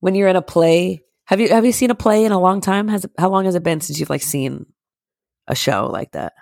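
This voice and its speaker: A woman co-hosts a casual podcast, her voice gravelly with vocal fry. She rambles through animated stories and laughs often. The sound is dry and close. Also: on the low side, a little fast, dry recording. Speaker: podcast co-host. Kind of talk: casual chat.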